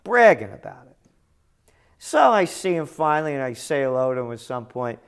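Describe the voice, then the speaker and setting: A man who forecasts trends, giving a combative, sarcastic ranting commentary that bursts into shouted insults. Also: mid-range voice, sing-song, moderate pace, smooth. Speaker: trends forecaster and journal publisher.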